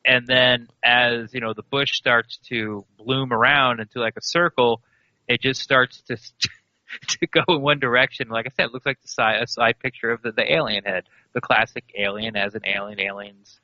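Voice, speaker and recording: A man co-hosting a sports podcast, rambling and animated, laughing as he talks. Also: mid-range voice, normal speed, no echo. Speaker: podcast co-host. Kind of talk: casual sports chat. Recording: dry, slightly dull podcast audio.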